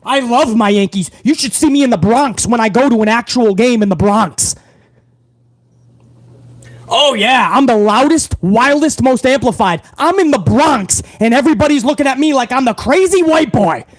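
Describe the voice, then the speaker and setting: A brash, foul-mouthed man hosts a live wrestling talk stream, loud and unfiltered as he rants at his viewers. His voice sits unusually high for a man and sounds close and bone-dry. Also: lively intonation, normal speed, no room sound. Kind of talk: profane live-stream rant.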